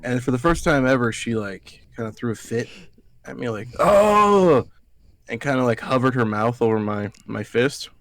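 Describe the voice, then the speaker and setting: A man's voice: medium pitch, fairly even intonation, fairly quick. A man from Alabama co-hosting a podcast, telling rambling, profane stories in casual chat and acting out other people's lines. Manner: profane, rambling storyteller who acts out quotes. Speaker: podcast co-host.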